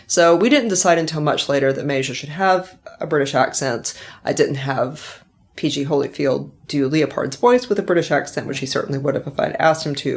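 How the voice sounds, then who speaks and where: A middle-aged woman, an author hosting her own podcast, reflecting in a chatty way and laughing now and then. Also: low-pitched. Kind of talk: casual author commentary.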